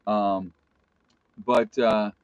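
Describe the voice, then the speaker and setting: A man's voice: fairly low pitch, steady tone, drawn-out words, clear, resonant tone, no echo. A middle-aged man with an Appalachian American accent, hosting a casual live stream, rambling, losing his train of thought and reading chat aloud. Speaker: livestream host. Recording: dull, slightly lo-fi dry sound.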